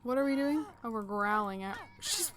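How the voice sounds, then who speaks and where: Narrating her own gameplay at a moderate pace, this young woman hosts a gaming channel and speaks in a fairly high, fairly bright voice with lively intonation. Her let's-play commentary is casual, full of fillers as she thinks out loud about her next move.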